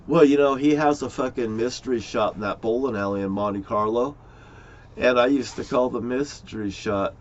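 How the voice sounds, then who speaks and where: A man's voice: medium pitch, normal speed, slight background noise. A middle-aged man, an amateur crime sleuth, rambles in a loose, profane monologue and chuckles often. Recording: dull lo-fi recording.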